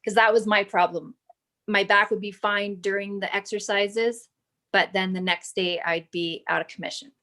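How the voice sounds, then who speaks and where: A woman in her thirties, a fitness client, talking slowly and thoughtfully in a casual chat and at times reading from her notes. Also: medium pitch, steady tone, sharp tone. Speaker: client giving a testimonial. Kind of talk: casual video call chat.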